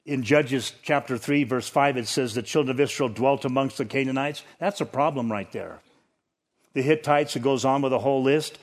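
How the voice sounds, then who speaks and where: A man's voice: mid-range voice, moderate pace. A man preaching a sermon as a pastor, teaching through scripture in a conversational way that lifts for emphasis. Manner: conversational Bible teaching, rising emphasis on key points.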